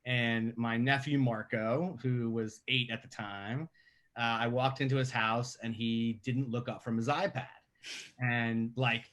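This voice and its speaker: Talkative New man telling stories. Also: mid-range voice. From Staten Island, New York. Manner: conversational, animated when telling stories. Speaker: guest filmmaker. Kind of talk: podcast interview over a call.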